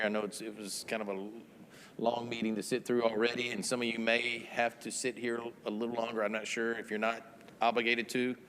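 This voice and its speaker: A man's voice: lowish voice, a bit bright, big-room sound. A man chairing a town board meeting as mayor, rattling through motions and votes.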